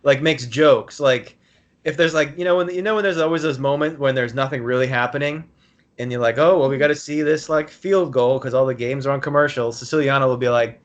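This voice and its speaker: A man's voice: mid-range voice, brisk, muffled recording. A man co-hosting a podcast, rambling in casual chat with lots of fillers and jokes. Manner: rambling, heavy use of filler "like", joking. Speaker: podcast co-host.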